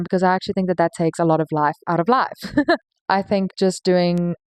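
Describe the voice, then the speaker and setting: A woman's voice: fairly low pitch, a little mellow, no room sound. A young woman hosting a podcast, talking in an earnest, chatty way with lots of "like"s and little laughs. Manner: chatty, earnest, laughs between thoughts, many "like"s. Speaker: podcast host. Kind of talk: casual reflective monologue.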